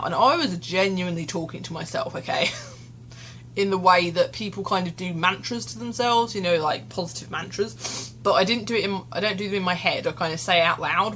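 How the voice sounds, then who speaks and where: A young woman, tearful and shaken, talks openly into her phone camera for a confessional vlog, rambling and running herself down. The fairly low-pitched voice has a fairly bright tone, and slight background noise can be heard.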